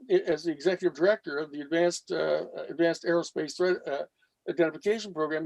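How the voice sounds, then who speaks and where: High-voiced man telling stories animatedly. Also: no room sound. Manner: animated, acts out quoted speech with profanity. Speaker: guest. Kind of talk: storytelling in a panel discussion.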